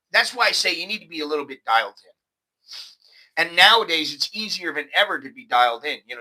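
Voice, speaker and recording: A man with an American accent hosting a casual, animated vlog monologue. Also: on the high side, low-quality recording. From United States. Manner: animated, conversational, repeats words. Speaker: host.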